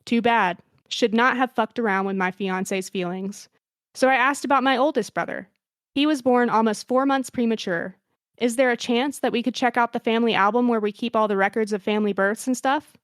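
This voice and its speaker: A woman's voice: on the high side, fairly quick, dry recording. A young woman hosting a podcast, reading a listener's story aloud and then chatting, wry and self-mocking. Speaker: podcast host.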